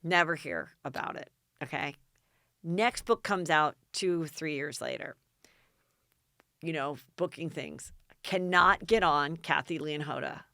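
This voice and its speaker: A middle-aged American woman hosting a podcast, telling a story in a lively, dramatic way and acting out the people she quotes. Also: sits low, unhurried, no room sound, studio quality. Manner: animated, dramatic retelling with quoted voices. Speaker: podcast host. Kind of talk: casual storytelling chat.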